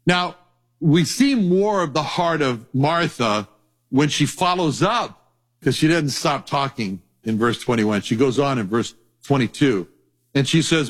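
A male Bible teacher preaching a sermon in a conversational, animated storytelling way, acting out voices. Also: fairly high pitch, normal speed.

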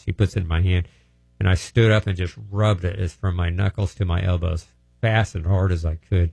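A man's voice: sits low, steady tone, a little fast, creaky, darkish tone, slightly rough, dry recording. A man telling healing testimonies in a plainspoken, folksy, rambling way. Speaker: healing ministry speaker. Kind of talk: testimony storytelling.

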